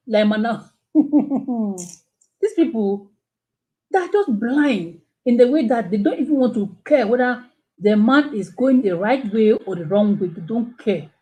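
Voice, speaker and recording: A woman hosting a live stream, giving casual commentary in an animated way, full of rhetorical questions and exclamations. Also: on the high side, poor audio. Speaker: channel host.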